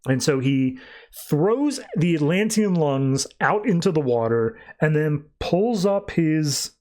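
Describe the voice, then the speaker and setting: A man's voice: a little high, lively intonation, slow pace, darkish tone. A young man hosting a podcast, recapping comics casually and slipping into quoted voices. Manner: laid-back, lots of "like" and quoted voices. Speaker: podcast host.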